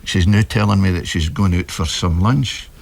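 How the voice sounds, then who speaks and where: Gravelly Scottish man, broad speech. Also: deep voice, normal speed, darkish tone. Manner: broad, plain-spoken. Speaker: panel guest.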